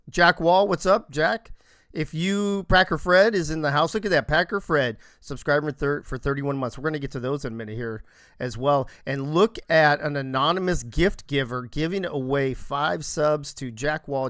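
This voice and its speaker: Guy hosting a live stream, kinda high voice, joking around, reading off chat names fast, dry close sound. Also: smooth, no echo. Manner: joking, rapid shout-outs to the chat. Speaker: live-stream show host.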